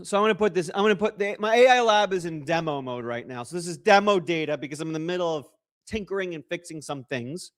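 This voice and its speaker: A man's voice: fairly high pitch, animated, fast talker, a bit bright. A young man hosting a casual livestream, joking and rambling as he reacts to chat messages and donations. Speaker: livestream host.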